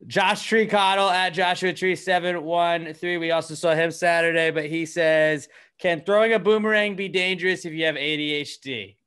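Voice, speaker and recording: A man's voice: a little high, fairly even intonation, moderate pace, hardly any pauses, fairly bright tone, smooth. A man co-hosting a podcast, reading listener questions and chatting casually. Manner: laid-back, reads listener questions aloud. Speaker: podcast co-host.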